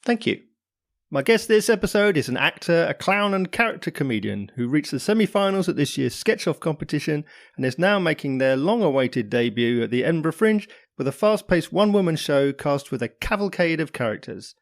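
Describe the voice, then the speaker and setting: A man's voice: on the high side, very animated, fairly quick. A man hosting a comedy podcast, reading a pun-filled intro and asking questions, laughing often. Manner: wordplay-heavy, laughs often. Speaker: podcast host. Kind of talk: scripted podcast intro, then interview questions.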